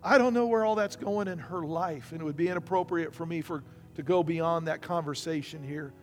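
A man's voice: a little high, fairly quick, faint music behind. A male pastor preaching a sermon, telling stories and acting out the people in them. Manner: storytelling preacher acting out quoted voices.

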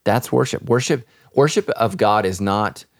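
A man's voice: fairly low pitch, normal speed, vocal fry, dry recording, clean studio sound. A man, a pastor, speaking earnestly and reflectively in a podcast conversation about faith.

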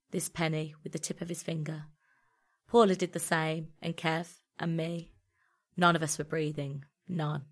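A woman reading a first-person story aloud in a measured, intimate storytelling manner. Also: sits low. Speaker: narrator.

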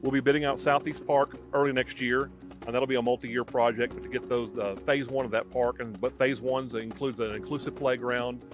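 A man, a city official, giving a plain project update with lots of fillers. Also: medium pitch. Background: music.

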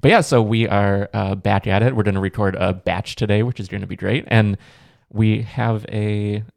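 A man's voice: lowish voice, fairly even intonation, normal speed, gravelly, a little mellow, no echo. A man co-hosting a podcast in an easygoing casual chat, trailing off as he talks. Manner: easygoing, trails off, laughs along. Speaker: podcast co-host.

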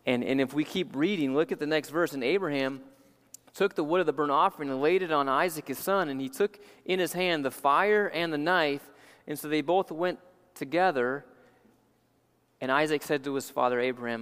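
A man's voice: a little high, normal speed, fairly bright tone, smooth. A male pastor preaching a sermon in a church, earnest and emphatic, repeating key phrases for weight. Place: church sanctuary. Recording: long church hall reverb.

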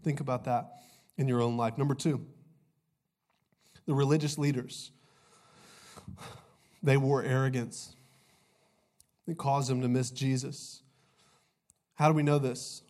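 A man's voice: mid-range voice, fairly even intonation, a little slow, pauses often, a little mellow. A young man preaching a sermon, his voice a little off from a cold, chatty and joking with the congregation. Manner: conversational, jokey, says "y'all" often. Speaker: pastor.

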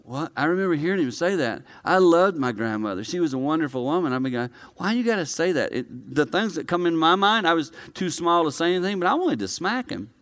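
Smooth-voiced male pastor preaching. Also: fairly quick, hardly any pauses. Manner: swings from low and quiet to loud, high-pitched excitement; conversational, personal preaching with direct address. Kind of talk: sermon to a live congregation.

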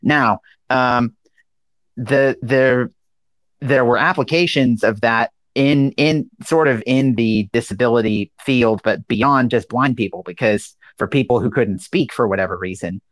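A man explaining software and speech synthesis history in a casual technical chat, with many ums and uhs. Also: medium pitch, a little slow, no echo. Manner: hesitant, full of ums and uhs. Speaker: guest speaker.

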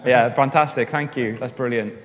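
A man leading a church group discussion, chatty and encouraging, with quick asides. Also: medium pitch. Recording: long reverb in a large hall.

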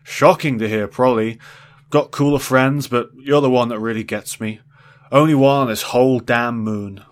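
A man's voice: medium pitch, fairly even intonation, normal speed, lightly acted. A man voicing a drunk, weepy middle-aged former space explorer who rambles drowsily with slurred speech. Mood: maudlin.

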